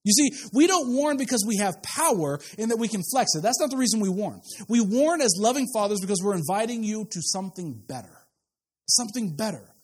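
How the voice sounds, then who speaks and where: A man's voice: sits high, lively intonation, a little fast, husky. A middle-aged man preaching a sermon in a church, talking to the congregation and often repeating words as he restarts. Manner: conversational preaching, frequent word repeats and restarts. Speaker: pastor. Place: church sanctuary with pews.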